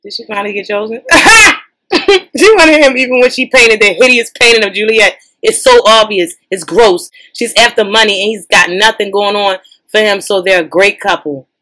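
A woman hosting a podcast, giving sassy, profane, animated reaction commentary in as she scrolls social media. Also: medium pitch, normal speed.

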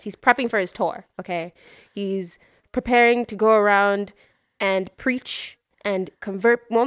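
A woman co-hosting a casual podcast, retelling a story with lively energy. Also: mid-range voice, smooth, dry recording, studio quality. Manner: animated storytelling, acts out voices in quotes. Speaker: podcast co-host. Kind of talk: casual chat.

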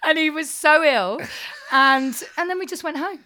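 A woman's voice: high-pitched, normal speed, sharp tone, a little hiss or hum. A middle-aged woman chatting as a guest, telling long rambling anecdotes. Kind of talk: casual chat, anecdote.

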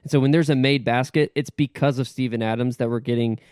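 A man co-hosting a casual sports podcast, giving measured analysis and handing off to others. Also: medium pitch, fairly even intonation, a little mellow, clear, resonant tone, dry recording, clean studio sound. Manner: measured, analytical, passes the mic. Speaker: podcast co-host.

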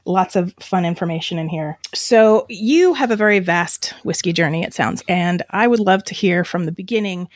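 A woman co-hosts an interview with a slightly low voice. She asks friendly, eager questions. The recording is close and dry. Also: moderate pace, few pauses, dry recording. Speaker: co-host. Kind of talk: podcast interview.

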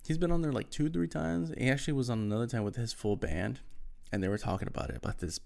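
A man's voice: mid-range voice, fast talker, gravelly, darkish tone. A young man chatting casually on his own, rambling, often losing names mid-thought and filling gaps with ums and likes. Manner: rambling, loses names, many fillers. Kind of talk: casual solo chat.

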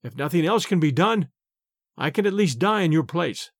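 A man's voice: fairly high pitch, animated, moderate pace, dry recording, clean studio sound. A man voicing a cheerful clever shepherd. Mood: hearty. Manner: hearty, confident.

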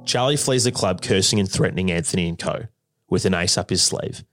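A man with a very deep voice reads scripted documentary narration in a measured, dramatic way. Soft guitar music sits underneath.

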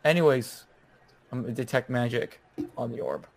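A man's voice: medium pitch, normal speed, a little hiss or hum. Regular guy player, defensive, keeps objecting. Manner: defensive, protesting. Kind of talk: tabletop game banter.

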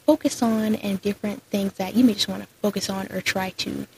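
A young woman talks through her solo podcast in a chatty, upbeat way, filling her sentences with "like" and "so". Her mid-pitched voice has a gravelly, creaky edge, and faint noise hums under the recording. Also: fairly even intonation, a little fast, rough recording. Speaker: podcast host. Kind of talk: casual solo podcast chat.

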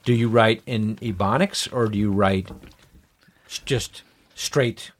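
A man co-hosting a podcast, chatting casually in an easygoing way and often chiming in with quick agreement. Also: on the low side. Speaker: podcast co-host. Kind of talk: casual chat.

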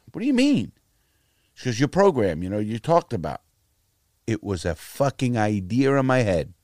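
Blunt, profane middle-aged American man for casual chat; low, animated voice, recorded dry and close. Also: no echo. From United States. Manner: profane, blunt storytelling with lively quoted voices. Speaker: guest telling his life story.

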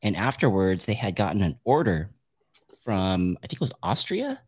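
A man's voice: low-pitched, very animated, moderate pace, darkish tone, slightly rough. A man hosting a podcast in casual chat, upbeat and chatty, laughing often. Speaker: podcast host.

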